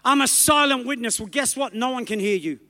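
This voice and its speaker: Preacher, male, very high and bright voice, emphatic exhortation, long hall reverb. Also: expressive. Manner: emphatic, exhorting, rapid bursts. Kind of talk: sermon.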